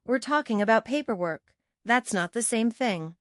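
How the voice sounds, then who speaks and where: A woman's voice: on the high side, lively intonation, moderate pace, no room sound, clean studio sound, close to an everyday voice. A woman voicing a controlling, calculating mother who answers in clipped, insistent retorts. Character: controlling middle-aged mother, sharp, calculating.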